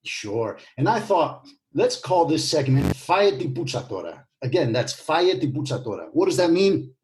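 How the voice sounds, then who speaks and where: A man's voice: a little high, very animated, moderate pace, a little mellow, a little hiss or hum. Teasing man hosting a casual podcast. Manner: playful, teasing, many fillers. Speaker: podcast co-host.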